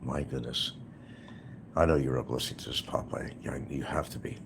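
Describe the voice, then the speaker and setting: A man's voice: very deep voice, steady tone, a little fast, vocal fry, background noise. A man giving a sarcastic ranting commentary as a YouTube commentator, hammering points through repetition.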